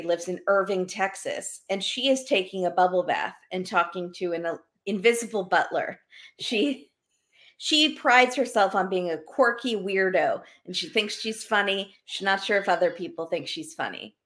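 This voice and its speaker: A woman's voice: mid-range voice, animated, unhurried, fairly bright tone. A woman co-hosting a casual podcast chat, recapping with easy laughs and small restarts. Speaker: podcast co-host.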